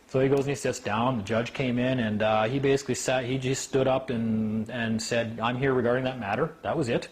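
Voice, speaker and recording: A man holds forth to a small gathering in a lively, conversational way. He acts out the people in his stories and keeps checking in with "right?". A faint hiss sits under his voice. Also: medium pitch, normal speed, hardly any pauses. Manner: animated, acts out quoted people, asks "right?". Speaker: speaker at a meeting. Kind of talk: informal talk to a small group.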